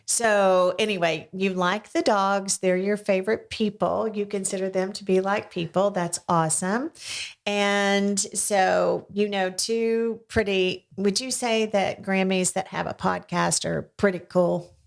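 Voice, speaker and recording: An older woman hosting a podcast, chatting with a child and coaxing him along with slow, gentle questions. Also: medium pitch, fairly even intonation, creaky. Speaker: podcast host interviewing her grandson. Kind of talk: casual interview chat. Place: small home podcast studio.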